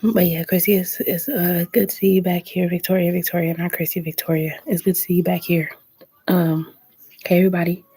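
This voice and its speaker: A woman tarot reader chatting casually on a late-night live stream, talking low and soft and greeting viewers by name in a laid-back way. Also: level tone, fairly quick, slightly rough, no room sound.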